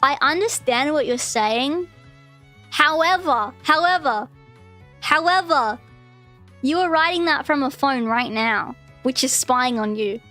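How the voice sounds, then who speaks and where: Young woman, high voice, ranting stream chat, lots of swearing, faint music behind. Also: moderate pace, few pauses, fairly bright tone. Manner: ranting, swearing, mocks people in exaggerated voices. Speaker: VTuber streamer.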